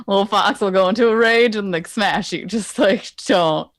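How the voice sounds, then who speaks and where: A woman's voice: mid-range voice, steady tone, moderate pace, no echo, studio quality. A woman talking as a player in a tabletop game, casual and blunt.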